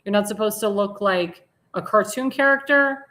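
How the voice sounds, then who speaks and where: A woman hosting a commentary show in a bright, forceful voice at an ordinary pitch. She talks bluntly and with indignant scorn. She rambles and sometimes trails off while searching for a word. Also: animated, normal speed. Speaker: talk show host. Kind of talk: opinionated commentary on slides.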